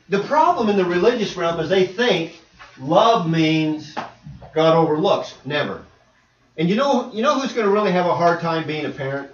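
Male preacher, animated sermon delivery, swooping lively voice; distant, muffled, echoey recording. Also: on the high side, a little hiss or hum. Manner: animated, acts out voices and dialogue. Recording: echoey hall, distant dull mic.

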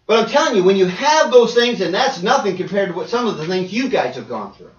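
Male preacher, animated delivery, recorded from a distance in a reverberant hall. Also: high voice, fairly quick. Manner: raises voice, reads scripture, acts out quoted people. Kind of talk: sermon. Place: church hall. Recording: roomy, distant, dull church audio.

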